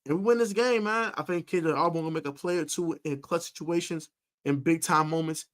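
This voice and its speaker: A man with a slightly high voice talks briskly as he hosts a live-stream football preview for a sports podcast. He speaks emphatically and with animation, repeating himself for stress and leaning on fillers.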